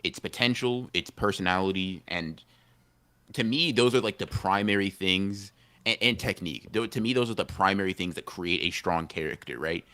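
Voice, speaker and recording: A man's voice: low-pitched, normal speed, sharp tone. A man co-hosting a casual anime podcast stream, rambling, slangy and repeating himself as he argues his take. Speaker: podcast co-host.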